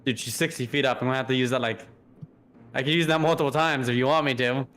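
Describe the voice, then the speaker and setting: A man's voice: mid-range voice, fast, fairly bright tone. A young man playing a tabletop game, talking casually and thinking aloud with fillers. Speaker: player.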